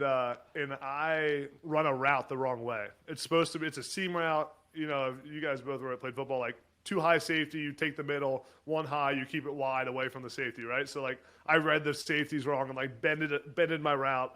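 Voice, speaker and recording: A man in his twenties, a podcast guest telling animated, chatty stories about his football days. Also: mid-range voice. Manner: animated, chatty, lots of fillers and laughs. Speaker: podcast guest, former college football player. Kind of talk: casual storytelling chat.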